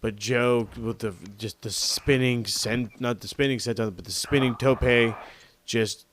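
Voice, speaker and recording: A man's voice: medium pitch, fairly even intonation, measured pace, slight background noise. A man co-hosting a podcast, chatting casually and enthusiastically, swearing now and then. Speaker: podcast co-host. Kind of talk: casual wrestling review chat.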